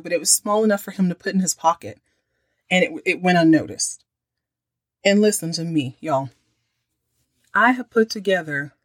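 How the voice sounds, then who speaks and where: A woman's voice: fairly low pitch, no echo. A woman, hosting a podcast and recapping a TV episode in a chatty, opinionated way. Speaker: podcast host.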